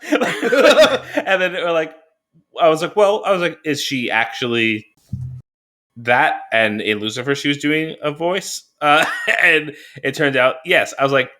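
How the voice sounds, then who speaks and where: A man's voice: fairly high pitch, normal speed, pushed and bright. A man co-hosting a podcast, chatting casually and acting out his own reactions with laughs. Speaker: podcast co-host. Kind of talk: casual chat.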